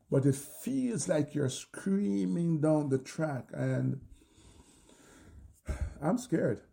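An older man with a Jamaican accent telling his own story in an interview, animated and acting out his shouts. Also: mid-range voice, vocal fry. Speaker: interview guest.

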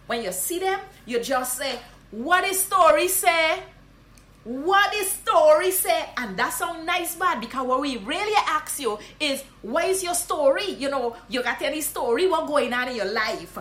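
A woman from Guyana with a Guyanese Creole English accent, high and bright in pitch. She teaches local greetings in a casual, animated way and repeats each phrase with loud emphasis. The sound carries an echo, as if recorded in a bare room. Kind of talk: casual instructional vlog.

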